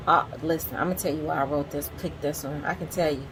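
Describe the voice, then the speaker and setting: A woman's voice: low-pitched, steady tone, quick pace, slight background noise, low-quality recording. A woman in her forties, a teacher, casually reading quotes from a book aloud and breaking off into candid, chatty commentary to her viewers. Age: 40s.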